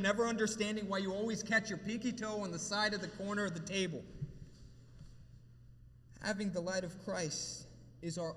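In a reverberant church hall with faint ambience, a high-pitched man preaches to his congregation as their pastor. His sermon is emotional, rising in intensity and then settling into a quiet prayer. Slight background noise is audible.

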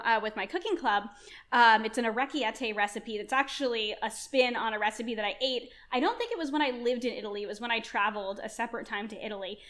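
A woman in her thirties, a chef guest on a podcast, talking in an enthusiastic, rambling way and firing questions at herself. Her voice sits a little high. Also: fairly bright tone. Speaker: chef and culinary nutrition guest. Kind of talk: conversational podcast interview.

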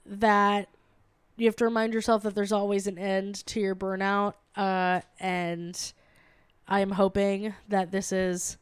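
A woman's voice: medium pitch, flat delivery, unhurried, clean tone, no room sound. A woman co-hosting a comedy podcast, talking casually with lots of fillers and restarts. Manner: rambling, many fillers and restarts. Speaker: podcast co-host. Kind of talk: casual chat.

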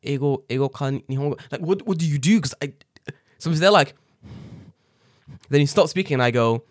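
A man from England chatting casually, telling animated stories full of swearing. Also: fairly high pitch, a little fast, no room sound, clean studio sound. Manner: swearing, animated storytelling with laughs. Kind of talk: casual chat. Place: living in Japan.

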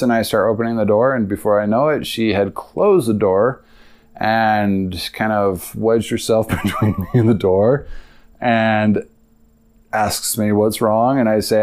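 A man's voice: fairly low pitch, fairly even intonation, unhurried, darkish tone. A man hosting a podcast, telling a long personal story in a rambling, confessional way with many fillers. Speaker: podcast host. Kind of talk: casual storytelling monologue.

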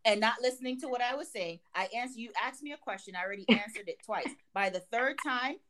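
A woman's voice: fairly high pitch, fast, a crowd in the background. A young woman from Jamaica, co-hosting a podcast, who tells stories in casual chat and acts out both sides of an argument. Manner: animated storyteller acting out both sides of a quarrel. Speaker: podcast co-host.

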